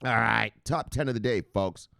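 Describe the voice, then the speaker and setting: Playful, swearing low-voiced man. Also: big pitch swings, moderate pace, dry recording, clean studio sound. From United States. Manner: playful, swears freely, sing-song chants. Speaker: crypto news show host. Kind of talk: casual market commentary.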